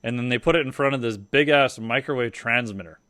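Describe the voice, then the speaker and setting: A man's voice: mid-range voice, brisk, fairly bright tone, no echo. A man, a podcast guest, telling loose, profane stories in a casual interview.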